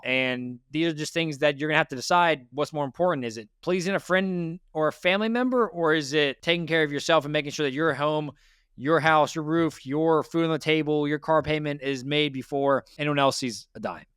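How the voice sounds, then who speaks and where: A man's voice: fairly high pitch, fairly bright tone, clean tone, no room sound, studio quality. A man hosting a debt interview, giving blunt, lecturing advice and repeating his points. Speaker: financial advice host. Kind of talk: direct money coaching.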